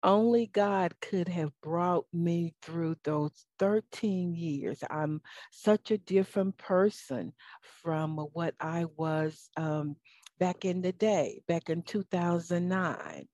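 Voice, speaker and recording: A woman hosting her own talk show alone, speaking emotionally and warmly about faith to her listeners, with fillers and stammered restarts. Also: on the low side, slow, no room sound, lo-fi sound. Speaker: talk show host and life coach. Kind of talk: solo talk show monologue.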